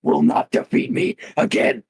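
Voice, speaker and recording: A man voicing a proud male dragon boss who protests indignantly in a higher voice. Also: unhurried, natural voice.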